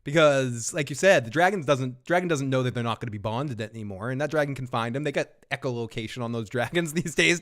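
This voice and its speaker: A man's voice: a little high, lively intonation, fast talker, few pauses, fairly bright tone. A man hosting a casual live recap show from home, rambling and joking with frequent chuckles. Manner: jokey, rambling, chuckles often. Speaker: host.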